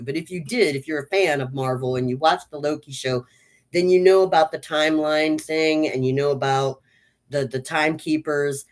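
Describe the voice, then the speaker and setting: Woman rambling happily about a movie she saw, lots of likes and ums. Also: low-pitched. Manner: chatty and enthusiastic, full of "like" and "um". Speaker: movie reviewer. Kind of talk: casual spoken movie review.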